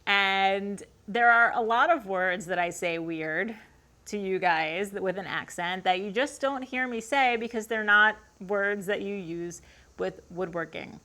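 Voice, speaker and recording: A woman with a Long Island accent, chatting casually to camera as host of her woodworking channel, quick to laugh and full of "like" fillers. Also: medium pitch, bright, forceful tone. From Long Island, New York. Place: detached garage workshop.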